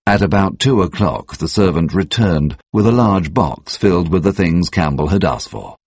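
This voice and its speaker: A man narrating an audiobook in a measured, steady way. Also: low voice, breathy edge, no room sound.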